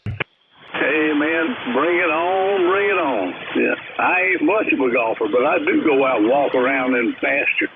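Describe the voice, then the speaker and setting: A man's voice: a little high, expressive, unhurried. A man from South Carolina calling in on ham radio, easygoing and friendly, heard over a tinny radio transmission with static. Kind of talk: radio contact chat.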